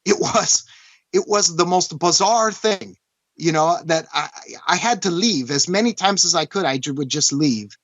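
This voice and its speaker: Halting man, dull dry sound. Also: on the high side, animated, a bit bright, dry recording. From Canada. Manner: earnest, halting, with many restarts and "you know". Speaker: interview guest. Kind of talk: personal storytelling in an interview.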